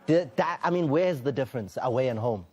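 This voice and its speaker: A man's voice: medium pitch, lively intonation, a little fast, darkish tone, slight background noise. A man presenting a sports show in the studio, leading a panel chat and playfully teasing his guests.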